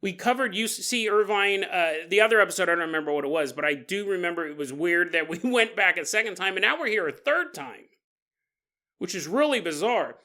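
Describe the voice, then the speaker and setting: A podcast host in his forties tells a paranormal story, joking and animated, putting on silly voices for listeners. His voice is high-pitched and a little fast.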